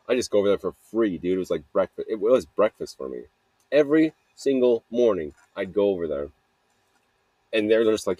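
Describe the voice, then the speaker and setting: A young man rambles through his stories in a low, husky voice, laughing often and swearing casually. He talks casually into a close, dry mic outdoors at night. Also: big pitch swings, normal speed, dark tone, no echo. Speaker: podcast host. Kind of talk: rambling casual storytelling monologue.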